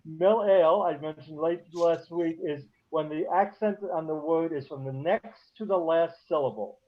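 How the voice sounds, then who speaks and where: A man teaching a beginner class over a video call, talking haltingly with many fillers and restarts. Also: on the high side. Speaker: Hebrew teacher. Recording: dull lo-fi call audio.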